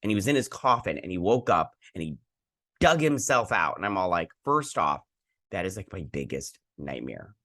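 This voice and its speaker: A man hosts a casual episode recap, rambling along as he quotes the characters. His voice sits low but swings up and down with lively pitch. The sound is dry and close to the mic. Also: moderate pace, no room sound. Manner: rambling, animated retelling with quoted lines. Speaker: host.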